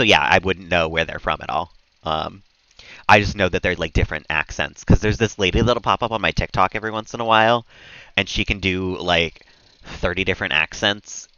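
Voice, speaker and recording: Here a US-based game streamer keeps up easygoing talk with his audience, reading out their messages and laughing a lot. He sounds low-pitched, sharp, clear and resonant, in a dry recording with the highs cut off.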